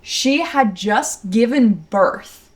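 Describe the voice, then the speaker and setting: A woman's voice: on the high side, animated, extremely slow. Chatty young woman sharing trivia. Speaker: podcast co-host. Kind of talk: casual chat reviewing a TV episode.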